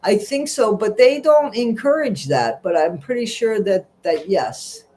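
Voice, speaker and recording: A man's voice: sits high, animated, a little slow, a little mellow, slight background noise. A middle-aged man hosts a casual livestream, reading out viewer comments and gossiping in a rambling, chatty way. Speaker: livestream host.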